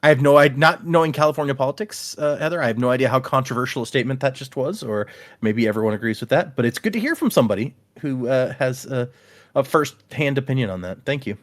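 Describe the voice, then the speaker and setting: A man's voice: mid-range voice, fast talker. A man hosting a podcast, chatting casually and reading listener emails aloud. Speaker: podcast host. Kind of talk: casual chat.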